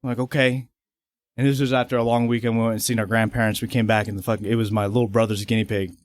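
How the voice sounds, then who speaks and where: A man's voice: on the low side, flat delivery, fast talker, no echo, clean studio sound. A young man, a podcast guest, telling casual stories, swearing freely and laughing as he talks. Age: young adult. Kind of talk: casual storytelling.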